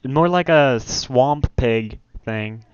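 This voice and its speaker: A man hosting a let's play, chatting casually while gaming and breaking into loud startled exclamations. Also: medium pitch, very slow, clear, resonant tone, no room sound, lo-fi sound.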